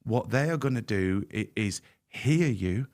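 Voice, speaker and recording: A man with a slightly low voice speaks candidly as a podcast guest. He is earnest and emphatic, and he often doubles back on his words as he makes his point. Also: animated, unhurried, darkish tone.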